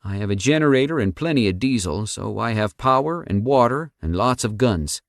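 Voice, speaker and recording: A big, hearty rural man with a folksy drawl, as a man puts him on. He speaks a little above the reader's low natural voice. The recording is dry and close. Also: expressive, moderate pace, no room sound. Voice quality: drawling country talk. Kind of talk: audiobook character voice.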